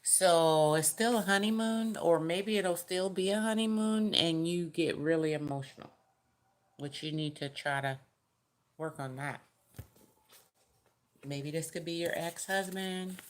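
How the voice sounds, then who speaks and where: A woman's voice: lowish voice, measured pace. A woman giving a casual, chatty tarot reading straight to the viewer, with folksy, direct advice. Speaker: tarot reader.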